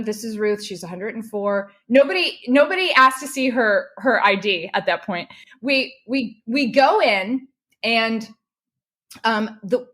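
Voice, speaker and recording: A middle-aged woman telling a heartfelt personal story as a podcast guest, animated and stumbling over her words as she grows emotional. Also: a little high. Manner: animated, restarts when moved.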